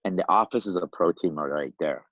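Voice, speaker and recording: A man in his fifties from Iran, a podcast guest telling his life story in a lively, animated way, often laughing and acting out the voices of other people. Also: low-pitched, fairly quick, dry recording, lo-fi sound. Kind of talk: casual storytelling.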